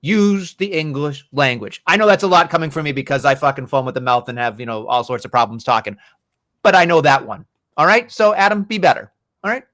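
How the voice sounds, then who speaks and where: A man's voice: a little high, a little fast, pushed and bright. A man co-hosting a podcast, chatting casually about wrestling in a rambling, profane way. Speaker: podcast co-host.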